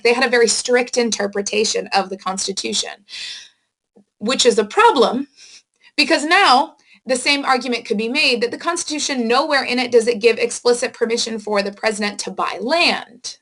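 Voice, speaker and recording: A woman teacher giving a recorded history lecture, explaining events to students with casual asides and quick self-corrections. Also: fairly high pitch, fairly bright tone. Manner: explanatory, addresses students directly with reminders. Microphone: screen-recording microphone.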